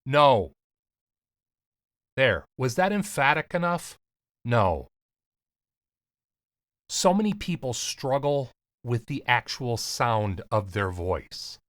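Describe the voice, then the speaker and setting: A man with a slight lisp, coaching on voiceover in an earnest, emphatic talk to camera with deliberate pauses. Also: mid-range voice, a bit bright, no echo, studio quality. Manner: casual, swears lightly. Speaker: voiceover coach and podcast host.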